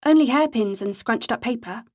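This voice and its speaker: A woman's voice: fairly high pitch, normal speed, a little mellow, voice pushed up, close to an everyday voice. A woman voicing an anxious, polite young heroine answering the police. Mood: nervous polite. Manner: polite, nervous.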